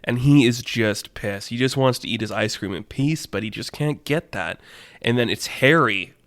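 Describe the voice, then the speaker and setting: A man's voice: lowish voice, creaky, fairly bright tone, no echo. A man telling an improvised story casually, rambling with many fillers.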